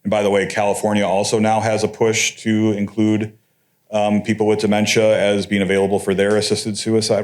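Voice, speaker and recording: A man is speaking at a conference, and his voice sits somewhat low. He lectures in an easy, conversational way. Now and then he drops a wry, sarcastic aside. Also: monotone, fairly quick, a little mellow. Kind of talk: academic lecture.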